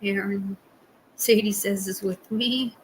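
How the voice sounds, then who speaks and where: A woman's voice: medium pitch, steady tone, takes it slowly, a little hiss or hum, poor audio. A woman hosting a live stream, chatting casually with viewers in a rambling way and laughing often. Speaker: livestream host.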